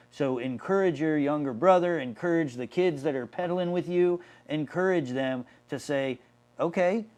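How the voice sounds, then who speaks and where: A man's voice: a little high, darkish tone. A man serving as a city mayor, earnestly explaining policy at length in a town hall discussion, restarting his sentences often.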